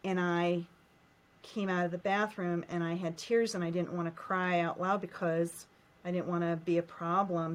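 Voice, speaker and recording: Emotional woman retelling a painful memory. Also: fairly low pitch. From United States. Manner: emotional, repetitive, recounts childhood pain in short phrases. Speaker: guest. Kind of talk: personal storytelling in a coaching session.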